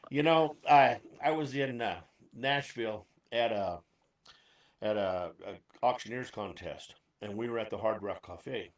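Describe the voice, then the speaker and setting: A man's voice: on the low side, measured pace, distant mic. A man who was a radio DJ, telling a story in a laid-back way with DJ swagger. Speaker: guest, former DJ. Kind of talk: casual storytelling chat. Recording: roomy, off-mic.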